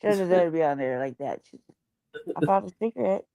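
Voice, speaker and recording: Profane, animated woman chatting casually. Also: lowish voice, fast talker, gravelly, no room sound. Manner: animated, swearing freely, cooing baby talk at her cat.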